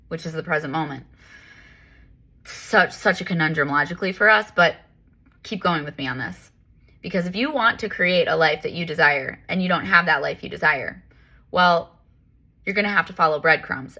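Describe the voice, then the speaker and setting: A woman life coach and yoga teacher chatting casually. Her voice sits a little low but sounds bright and forceful. She rambles candidly, stacking up fillers as she goes. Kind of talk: casual spiritual talk.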